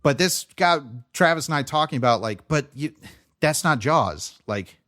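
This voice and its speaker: A young adult man co-hosts a podcast, chatting casually about movies in a rambling way full of fillers and restarts. His voice is on the high side and fairly bright, with lively intonation at a normal speed.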